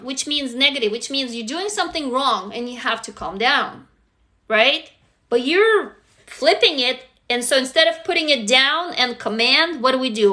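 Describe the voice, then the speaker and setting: A woman with a high, sharply bright voice hosts a casual live self-help talk from her phone. She coaches her viewers by firing questions at them and swears freely along the way. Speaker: live-stream host.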